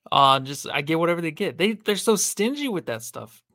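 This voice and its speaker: A man's voice: on the high side, sing-song, fairly quick, a bit bright, dry recording, clean studio sound. Easygoing male podcast co-host. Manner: laid-back, laughs easily. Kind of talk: casual basketball chat.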